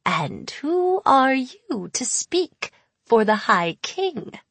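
A woman's voice: sits high, big pitch swings, drawn-out words, a bit bright, breathy edge, dry recording, pitched above the performer's own voice, exaggerated voice. A woman voicing a sly, cold, ancient female hag in an audiobook, with a purring, whispery delivery. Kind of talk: audiobook character voice.

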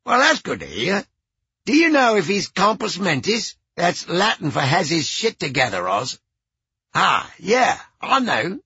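A man's voice: sits high, sharp tone, breathy edge, no room sound, pitched above the performer's own voice, heavily acted. A man voicing a crude, cranky old ex-rocker who talks in a blunt, profane way, on a slightly dull recording. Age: older.

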